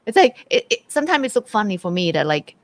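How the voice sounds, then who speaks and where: A woman from Thailand with a Thai accent, co-hosting in casual chat and telling stories in simple, animated English. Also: mid-range voice, fast talker. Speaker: co-host.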